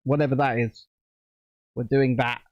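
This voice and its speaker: A man hosting a live stream, chatting in a rambling, animated way as he builds a set. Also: medium pitch, measured pace, no echo, highs cut off. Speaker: streamer host. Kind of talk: casual live-stream chat while building.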